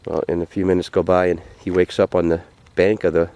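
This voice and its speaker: A man telling a folk tale in an unhurried, folksy way, repeating phrases as he goes. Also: low-pitched, little pitch movement, darkish tone, dry recording. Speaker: vlogger telling a story. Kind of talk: folksy spoken storytelling. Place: outdoors by a frozen lake.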